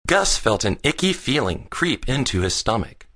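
With a mid-range voice at normal speed, a man narrates a children's audiobook in an expressive storytelling manner.

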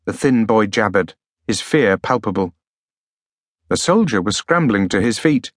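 A man's voice: on the low side, measured pace, dry recording. Male audiobook narrator, dry and close. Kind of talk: scripted narration.

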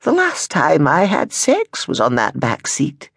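A man puts on a fierce old grandmother from an audiobook, her voice raised high and husky, drawn out slow and deliberate. She speaks bluntly and probes with each question, and the read is dry and close with wild swings of pitch. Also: wildly swooping pitch, a bit bright, no echo, exaggerated voice. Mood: wistful. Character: fierce, sharp-tongued old grandmother in a wheelchair. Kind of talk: audiobook character voice.

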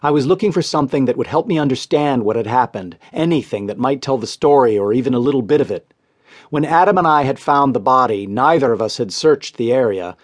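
A man reads crime stories for an audiobook, steady and measured. His voice sits at an ordinary middle pitch for a man. The narration is scripted and even. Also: no room sound, clean studio sound.

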